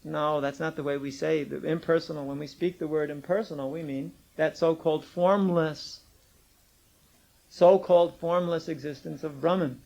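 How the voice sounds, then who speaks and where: A man with a high voice lectures a class from an old cassette tape. He argues with his students in a teasing way and presses his point with emphatic insistence. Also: fairly even intonation, normal speed, gravelly, a little mellow, poor audio.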